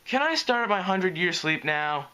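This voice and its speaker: A man's voice: sits high, very animated, normal speed, bright, forceful tone, smooth, pitched above the performer's own voice, heavily acted. A man voicing a gloomy, anxious young dragon who talks moodily and sarcastically. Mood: sulky. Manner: moody and sarcastic.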